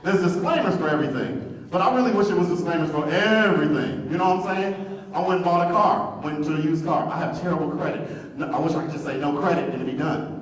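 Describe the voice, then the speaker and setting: A man's voice: a little high, fast. A man from Detroit doing a stand-up comedy set, brash and profane, baiting the crowd, on a comedy club stage. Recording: echoey club hall from far off, crowd.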